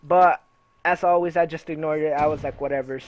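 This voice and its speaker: A man's voice: fairly high pitch, flat delivery, brisk, slight background noise. Young man rambling a profane story. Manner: rambling, profane, full of "you know" and "uh". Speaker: gaming video creator. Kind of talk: casual storytelling over gameplay.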